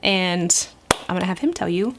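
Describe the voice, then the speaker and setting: A woman's voice: fairly low pitch, moderate pace, noisy background. Chatty woman vlogger telling a story. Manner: chatty, animated, acts out quotes with lots of "like". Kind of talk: casual storytelling to camera.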